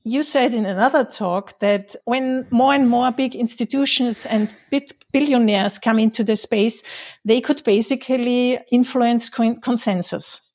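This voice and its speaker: A woman's voice: fairly high pitch, a little slow, a little mellow. A woman whose first language is German, hosting an interview in English and speaking hesitantly with restarts. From German-speaking country. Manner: hesitant, restarts, laughs often. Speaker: host. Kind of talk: casual interview.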